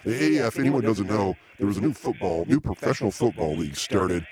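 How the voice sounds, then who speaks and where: A man's voice: on the low side, animated, quick pace, a little mellow. A man hosting a casual live podcast, dry and meandering, easily exasperated. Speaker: podcast host.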